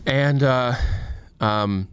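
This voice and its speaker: A man's voice: medium pitch, extremely slow, a bit bright, smooth. Rambling, self-mocking male streamer. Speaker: livestream host. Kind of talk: casual stream chat.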